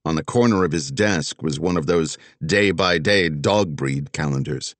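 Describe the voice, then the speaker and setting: A man narrating an audiobook thriller in a steady, descriptive way. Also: extremely low pitch, moderate pace, no echo. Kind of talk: scripted narration.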